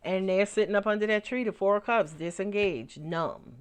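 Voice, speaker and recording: A woman's voice: medium pitch, moderate pace, smooth. A woman giving a casual tarot reading, talking loosely and swearing freely, often tagging her lines with "right?" and acting out little storylines. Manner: acts out little storylines in put-on voices. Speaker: tarot reader.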